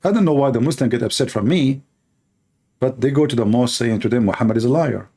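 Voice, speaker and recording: Male host, sarcastic, emphatic, mid-pitched, commentary over clips. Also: fast, mellow, husky. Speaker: channel host.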